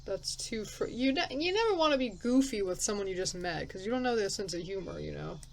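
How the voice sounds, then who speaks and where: A woman's voice: mid-range voice, expressive, a little fast, vocal fry, slight background noise, low-quality recording. A woman playing a story game, reading its text aloud and thinking aloud in casual, chatty commentary, laughing at herself. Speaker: let's player.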